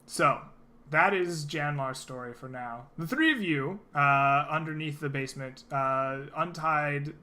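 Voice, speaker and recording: A man's voice: fairly high pitch, measured pace, pushed and bright. A man narrating as game master of a tabletop role-playing game, loose and full of fillers.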